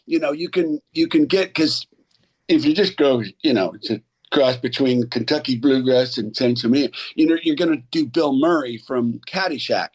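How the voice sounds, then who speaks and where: A man's voice: mid-range voice, slightly rough. A middle-aged actor and acting coach chatting casually as a podcast guest, rambling and restarting as he tells stories. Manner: rambling, restarts often, animated storyteller.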